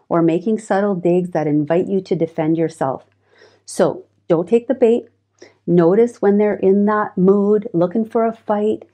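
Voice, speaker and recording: Mellow-voiced woman giving advice. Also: fairly low pitch. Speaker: relationship advice presenter. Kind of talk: scripted advice monologue.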